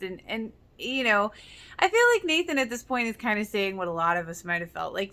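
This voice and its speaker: A woman's voice: mid-range voice, expressive, brisk, sharp tone. Earnest woman recapping a TV episode. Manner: earnest, emotional, many fillers. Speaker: reaction video host. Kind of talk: casual reaction commentary.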